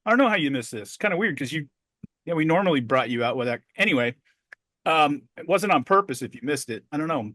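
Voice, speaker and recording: A middle-aged man co-hosting a podcast, telling a story in a profane, animated way. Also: fairly high pitch, quick pace, no room sound, clean studio sound. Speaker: podcast co-host. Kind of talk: casual podcast chat.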